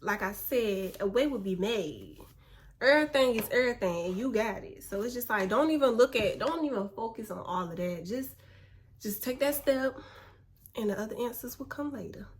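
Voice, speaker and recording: A young woman in a relaxed, slangy motivational chat, calling her viewers "baby". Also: a little high, moderate pace, a little hiss or hum. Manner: laid-back, slangy, spiritual encouragement, calls viewers "baby". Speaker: vlogger.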